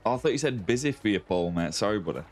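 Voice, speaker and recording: Animated and fast-talking, this Australian man has a fairly low-pitched voice, with faint music in the background. He's live-streaming a game from home under a ring light, greeting viewers by name and chatting casually, calling them mate and buddy.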